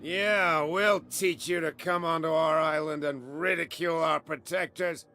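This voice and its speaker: An actor playing a suspicious, hostile island man in a game, speaking slowly and threateningly. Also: fairly high pitch, fairly even intonation, pushed and bright.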